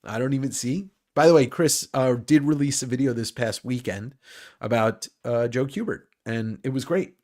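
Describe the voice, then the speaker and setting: A man's voice: mid-range voice, normal speed, a little mellow. A man hosting a casual livestream chat about comics who rambles, jokes and swears freely. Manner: rambling, joking, profane. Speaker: host.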